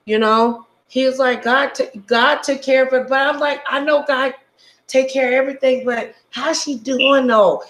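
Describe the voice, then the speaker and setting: A woman hosting a casual live stream, telling stories in an animated, blunt way and swearing freely. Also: high-pitched, moderate pace, echoey room, poor audio.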